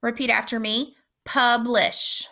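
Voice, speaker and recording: A woman teacher giving a recorded phonics lesson, speaking slowly and clearly and repeating each word for young learners. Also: on the high side, fairly even intonation, bright, forceful tone. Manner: slow, clear instructional pacing with repeated words.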